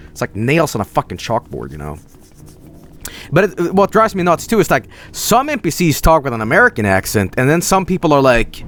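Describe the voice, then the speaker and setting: A man's voice: medium pitch, wildly swooping pitch, brisk, a bit bright, soft background music. A man giving casual, rambling gameplay commentary as a streamer, swearing and laughing often.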